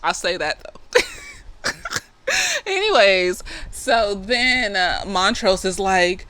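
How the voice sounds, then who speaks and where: A woman, a therapist, giving a casual, slightly tipsy review of a TV episode, profane and lively, acting out the characters' lines. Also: medium pitch, normal speed.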